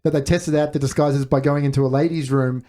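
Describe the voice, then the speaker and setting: A man's voice: fairly high pitch, fairly even intonation, a little fast, warm tone. A man hosting a casual movie podcast, asking the group questions and reading out trivia. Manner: leads with questions and reads out trivia. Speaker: podcast host.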